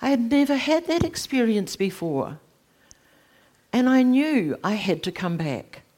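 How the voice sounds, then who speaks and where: A middle-aged woman, giving a personal faith testimony in animated storytelling, her voice leaping high at emotional moments. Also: a little slow. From New Zealand. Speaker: speaker sharing a testimony.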